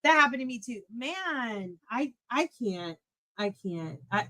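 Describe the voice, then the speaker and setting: A woman streamer giving casual reaction commentary on a clip, animated, laughing and talking back to it. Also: high voice, unhurried.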